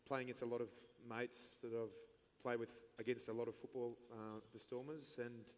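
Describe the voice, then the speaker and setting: Flat-voiced, understated man in a reverberant hall. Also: medium pitch, normal speed. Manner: plain, understated, hesitant. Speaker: retiring team captain. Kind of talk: on-stage interview answers. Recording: long reverb in a big hall.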